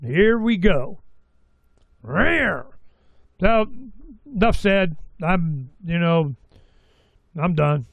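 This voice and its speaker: Older guy ranting about politics, swears a lot, kinda high voice, dry sound. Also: lively intonation, measured pace, no room sound. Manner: blunt, ranting, swears freely. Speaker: show host. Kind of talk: casual political commentary.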